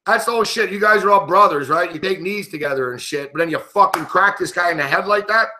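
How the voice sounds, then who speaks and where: A man's voice: high voice, fast talker, sharp tone. A man hosting a sports betting show, giving live game commentary in an angry, profane, indignant rant.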